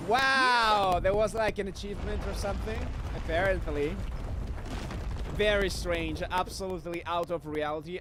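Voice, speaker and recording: A man streaming a video game, reacting excitably to it with frequent laughter and shouted exclamations. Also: high-pitched, normal speed. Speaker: VTuber streamer. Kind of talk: live gameplay commentary. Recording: game music behind the voice.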